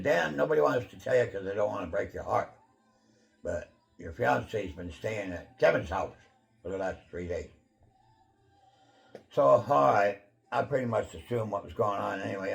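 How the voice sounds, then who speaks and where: A man hosting his own channel, telling a personal testimony in a casual, rambling way, full of fillers and throat clearing. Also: low-pitched. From Pacific Northwest of the USA.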